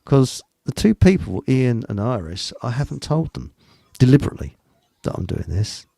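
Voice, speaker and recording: A man's voice: mid-range voice, very animated, moderate pace, creaky, dark tone, no echo. A middle-aged man, hosting a live online show in a rambling, jokey chat and laughing at his own jokes. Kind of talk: casual chat.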